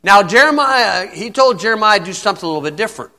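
A man's voice: high-pitched, expressive, fast, sharp tone. A man preaching an informal sermon in a folksy, blunt way, often asking "okay?".

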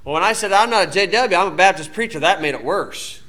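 A man's voice: high-pitched, lively intonation, quick pace, sharp tone. A Baptist preacher man from the United States giving an informal sermon-style talk in a folksy, plain-spoken way with colloquial grammar.

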